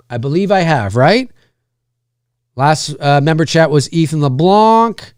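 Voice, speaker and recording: A man's voice: on the high side, clean tone, no echo, studio quality. A man with a Canadian accent hosting a live stream, chatting casually and rambling with lots of fillers and restarts.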